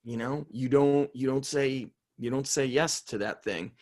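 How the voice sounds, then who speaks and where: Fired up middle aged coach dude, blunt, swears a lot, mid-pitched. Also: male voice, unhurried, a little mellow. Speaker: strength coach guest. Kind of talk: casual interview.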